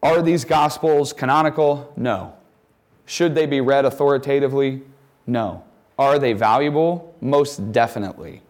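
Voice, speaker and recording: Male campus speaker, conversational and wry, acts out quotes, middle pitch. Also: normal speed, a little mellow. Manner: casual, joking asides, acts out quotes. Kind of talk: conversational chapel talk.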